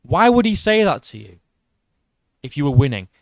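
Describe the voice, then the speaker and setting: A man's voice: a little high, sing-song, normal speed, dry recording. A man giving blunt, profane reaction commentary on boxing.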